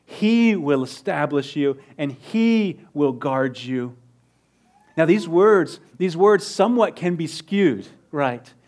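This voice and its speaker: A man preaching a sermon in a conversational way, sometimes dropping to a soft low voice for emphasis. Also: expressive, slow. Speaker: pastor.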